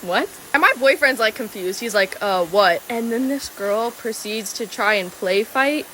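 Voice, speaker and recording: A young woman tells a story in a loose, chatty way, leaning on "like" and breaking into little laughs. Her voice sits a bit high and sounds bright and crisp. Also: moderate pace, slight background noise. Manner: animated and chatty, heavy on "like", laughing. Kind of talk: casual storytime.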